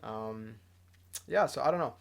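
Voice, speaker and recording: A young man talks casually to his camera, rambling along with plenty of "uh"s and "you know"s. His voice sits at an average pitch with a gravelly, fry-heavy edge. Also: animated, unhurried. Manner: rambling, lots of fillers and restarts. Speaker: musician vlogger. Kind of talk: casual vlog talk.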